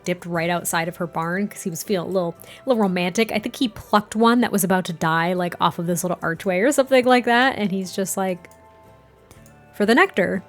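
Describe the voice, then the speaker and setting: A chatty woman hosts a let's play, giggling and venting at her game as she goes. Her voice sits in a middling range. Quiet game music runs under her talk. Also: medium pitch. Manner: chatty, giggly, easily exasperated.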